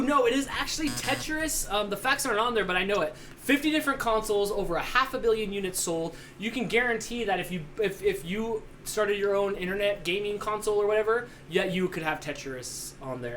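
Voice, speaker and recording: A man hosting a live call-in trivia game show from home, talking fast and joking as he rambles between questions. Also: high voice, a bit bright, slight background noise. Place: home studio.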